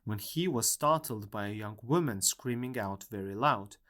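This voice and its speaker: A man narrating a classic novel as an audiobook in a measured storytelling manner. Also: on the low side, expressive, a bit bright. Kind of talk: scripted narration.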